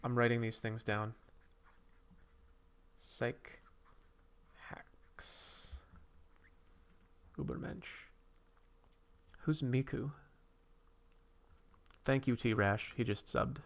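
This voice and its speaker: A man's voice: mid-range voice, fairly even intonation, slow pace, pauses often. A man hosting a casual livestream, rambling while he reads and answers viewers' comments and draws. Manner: drawing while talking. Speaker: streamer host.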